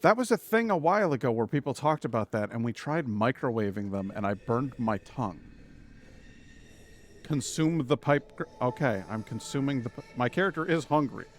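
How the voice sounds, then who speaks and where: A man streams a game live and talks loosely to his chat, rambling and cracking puns. His voice sits at an ordinary middle pitch, with faint ambient noise behind it. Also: lively intonation, moderate pace. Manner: rambling, jokey, punning. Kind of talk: casual live gameplay commentary.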